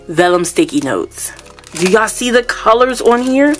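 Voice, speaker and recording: A woman's voice: mid-range voice, lively intonation, a little slow, music in the background. A woman vlogger unboxing products, gushing and exclaiming as she chats casually to her viewers at home. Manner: gushing, exclamatory, keeps addressing viewers as y'all.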